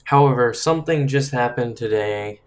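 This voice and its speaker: Frustrated man vlogging political commentary. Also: mid-range voice. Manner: frustrated, halting, with restarts while reading. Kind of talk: casual vlog commentary reading a letter aloud.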